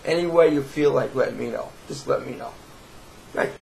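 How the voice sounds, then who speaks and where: A man's voice: medium pitch, normal speed, gravelly, background noise. A man with a New York accent, ranting to camera in a profane, sarcastic, rambling way with many restarts. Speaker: video blogger.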